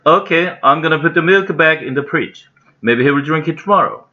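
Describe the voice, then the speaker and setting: A man with a Korean accent voicing a calm, firm mother in a storybook reading. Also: on the high side, a little fast, lo-fi sound, voice pushed up, natural voice.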